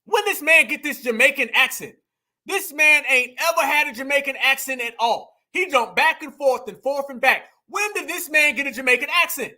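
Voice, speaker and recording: Fired-up high-voiced male commentator. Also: lively intonation, normal speed, sharp tone. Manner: emphatic, preachy, repeats lines for punch. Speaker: commentary show host.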